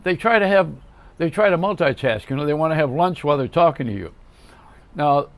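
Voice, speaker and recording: An older male host rambles through a comedic monologue, tossing off wisecracks and one-liners as he talks straight to the viewer. His voice sits a little higher than most men's. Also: no room sound.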